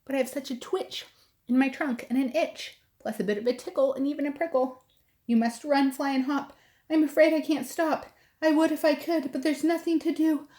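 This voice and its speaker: A woman voicing a big, fretful male elephant who squeals in high, sing-song rhymes. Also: fairly even intonation, moderate pace, warm tone, close to an everyday voice. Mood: apologetic.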